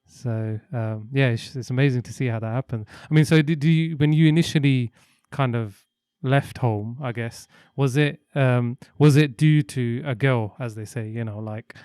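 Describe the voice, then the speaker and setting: Man, podcast host, smooth clear voice, dry sound, rambling questions. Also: medium pitch, normal speed, darkish tone, no room sound. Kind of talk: casual interview.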